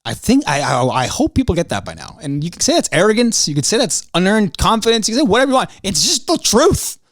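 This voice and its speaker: A podcast host who talks in a lively, swooping way, his voice a bit higher than most men's. He rants, swears freely and climbs sharply in pitch when he gets fired up. The sound is dry and close, with no room in it. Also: quick pace, no room sound. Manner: animated, ranting and profane, voice jumping high when worked up. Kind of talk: casual solo podcast monologue.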